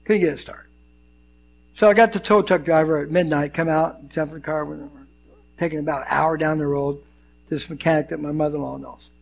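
A man's voice: fairly high pitch, brisk, vocal fry. An older man, a pastor, preaching a sermon and telling personal stories, acting out the people in them. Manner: animated storyteller, acts out dialogue.

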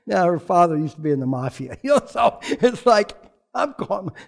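Gravelly high-voiced man preaching a sermon. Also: sing-song, measured pace, long pauses, darkish tone. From rural background. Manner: conversational storytelling with humor. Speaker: pastor.

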